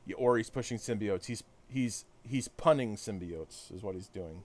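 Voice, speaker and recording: While gaming on a live stream, a man talks to chat in a chatty, self-deprecating way. His lowish, slightly mellow voice runs at normal speed with hardly any pauses.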